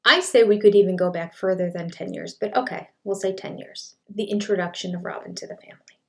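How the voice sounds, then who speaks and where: An older woman, a speech language pathologist, giving casual commentary on a reality show and reading quotes aloud in an exasperated, animated way. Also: mid-range voice, fairly quick. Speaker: reaction channel host.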